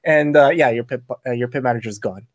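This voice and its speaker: A man hosting a casual podcast, telling work stories with lively acted-out quotes. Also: mid-range voice, fairly quick, no echo. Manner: animated storyteller acting out quoted lines. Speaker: podcast host, casino dealer.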